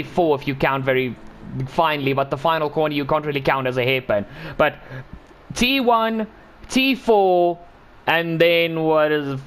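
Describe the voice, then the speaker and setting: A man giving excited commentary while he drives laps in a racing game, exclaiming and repeating himself. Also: fairly high pitch, a little hiss or hum. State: talking while driving laps.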